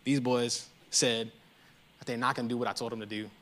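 A man's voice: mid-range voice, steady tone, a little fast, a bit bright, voice pushed down, close to an everyday voice. A man voicing a proud ancient king who blusters and gives orders in anger. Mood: boastful. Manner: blustering, commanding. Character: angry proud ancient king, boastful bully.

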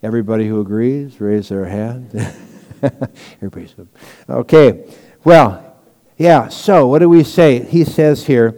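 A man's voice: medium pitch, a little slow, dark tone, long reverb tail. A man preaching a sermon as pastor, teaching in a conversational way with stories and asides.

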